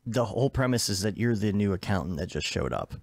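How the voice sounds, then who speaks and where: A man co-hosting a podcast, chatting casually and animatedly about software and games. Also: lowish voice, fast talker, vocal fry, no room sound, clean studio sound. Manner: animated, switches into exaggerated impressions. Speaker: podcast co-host. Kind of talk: casual chat.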